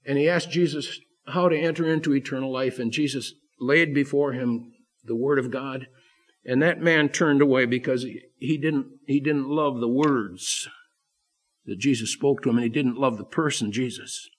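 A male pastor preaching a sermon to his church, emphatic, swinging between loud declarations and quiet asides. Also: mid-range voice, fairly even intonation, moderate pace.

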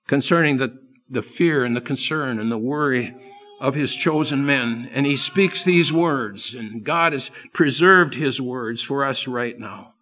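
A man preaching a sermon, impassioned, swinging from loud emphasis to hushed, earnest asides. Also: medium pitch, expressive, unhurried.

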